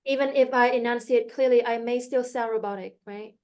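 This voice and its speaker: Woman student, kinda high voice, repeating words and asking stuff. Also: steady tone, fairly quick, a little mellow. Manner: repeats words back and asks questions. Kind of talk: practicing pronunciation in a lesson.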